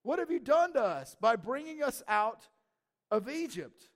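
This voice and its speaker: Brief: whiny, sarcastic grumbling crowd, put on by a male preacher, pitched high. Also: very animated, a little slow, full character voice.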